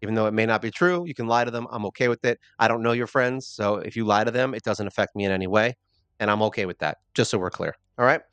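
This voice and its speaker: Male gaming host, lowish voice, dry close sound, rambling joking commentary. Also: fast talker, a bit bright, smooth, no room sound. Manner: rambling, self-deprecating, joking asides. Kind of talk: casual game commentary.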